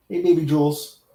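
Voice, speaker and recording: A man's voice: fairly high pitch, dark tone, reverberant. A man hosting a casual livestream, rambling and laughing as he reacts to chat comments. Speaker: livestream host.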